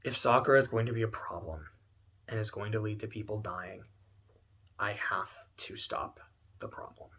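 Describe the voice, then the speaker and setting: A man voicing a grim young male hero who speaks in a flat, resolved way. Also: on the low side, normal speed, pauses often, husky, pitched below the performer's own voice.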